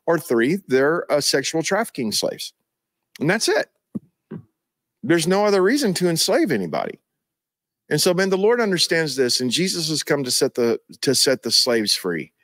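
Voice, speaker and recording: A man's voice: on the high side, very animated, normal speed, fairly bright tone, no echo. A man, a pastor, answering questions live in an emphatic, preacherly way, at times emotional. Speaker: pastor and ministry leader.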